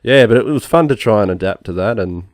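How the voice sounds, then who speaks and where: A man with an Australian accent co-hosting a casual podcast chat, relaxed and laughing often. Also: lowish voice, fast, dry recording, studio quality. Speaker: podcast co-host, artist.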